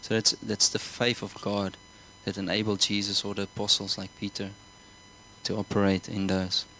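A man's voice: lowish voice, monotone, moderate pace, vocal fry, bright, forceful tone, slight background noise, low-quality recording. A man preaching a sermon, earnest, often repeating words and asking the congregation whether they follow. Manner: earnest, repeats himself, asks the congregation questions.

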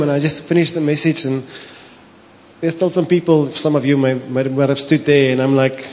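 A pastor with a South African accent, preaching a sermon, telling stories with animation, slipping into Afrikaans and laughing often. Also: male voice, fairly high pitch, flat delivery, moderate pace, darkish tone. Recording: long hall reverb with faint ambience.

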